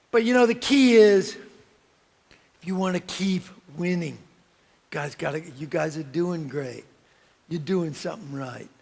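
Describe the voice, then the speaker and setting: A man delivers a motivational keynote at a business conference. His voice sits high for a man and has a gravelly edge. He tells stories with energy, jumping into the voices of the people in them. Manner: animated storytelling with acted-out voices and shouts. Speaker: keynote speaker. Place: conference hall.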